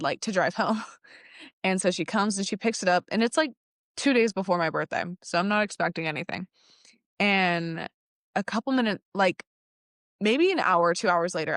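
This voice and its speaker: A woman's voice: medium pitch, no echo, studio quality. A young adult woman telling a story in casual chat, laughing often and acting out what people said. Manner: animated, laughs often, acts out quotes. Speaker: podcast guest.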